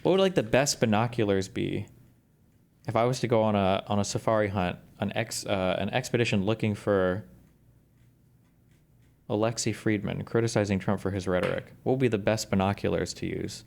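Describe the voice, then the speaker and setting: A man streaming casual commentary on news clips, sarcastic and profane, often jumping into loud mocking outbursts. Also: fairly low pitch, moderate pace, gravelly.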